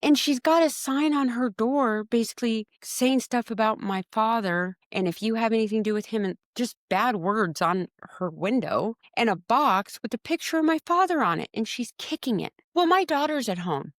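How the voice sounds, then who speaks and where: Woman, podcast guest, emotional storytelling, acts out quotes, restarts words, higher voice. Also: moderate pace, hardly any pauses, no echo, studio quality. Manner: animated, acts out her own quotes with a raised voice. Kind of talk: personal storytelling in a conversation.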